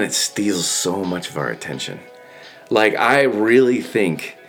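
A man delivers an earnest, reflective monologue in a casual, conversational way, repeating phrases for emphasis. His voice sits fairly low. Faint music plays underneath. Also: a bit bright. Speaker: speaker giving a reflective talk. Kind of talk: motivational monologue.

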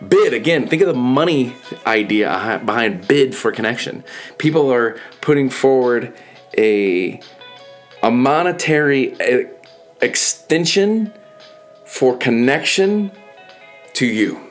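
A man's voice: mid-range voice, animated, slow pace, faint music behind. A man giving an earnest, conversational motivational monologue, often repeating phrases for emphasis. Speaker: speaker giving a reflective talk.

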